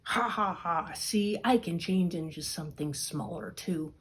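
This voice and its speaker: A woman voicing a horrible, boastful male ogre who gloats loudly, with a husky tone. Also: on the low side, measured pace. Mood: gloating.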